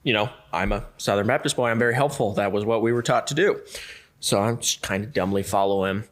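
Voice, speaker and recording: A man telling a story as a podcast guest, lively and acting out the other people in it. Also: lowish voice, a little fast, a little hiss or hum. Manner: lively, acts out the other people in his stories. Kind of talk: casual storytelling.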